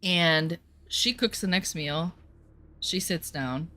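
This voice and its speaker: A woman's voice: on the low side, slow pace, sharp tone. A woman vlogger casually telling a personal story in a blunt, candid way, swearing freely and rambling with fillers and restarts.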